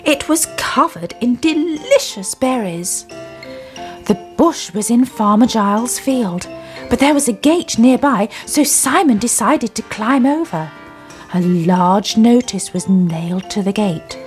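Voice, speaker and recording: A woman reading a children's story aloud in an expressive, sing-song way. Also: a little high, a little slow, faint music behind.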